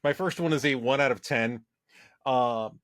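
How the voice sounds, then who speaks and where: A man's voice: mid-range voice, moderate pace, fairly bright tone, no echo, studio quality. A man co-hosting a film podcast in casual chat, playful and laughing often. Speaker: podcast co-host.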